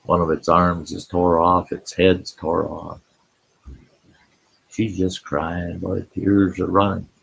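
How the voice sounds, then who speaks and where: A man with a deep, low voice that is gravelly and very husky tells a rambling, folksy story on his live stream. He talks slowly and stops now and then to greet people in the chat. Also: little pitch movement, rough recording.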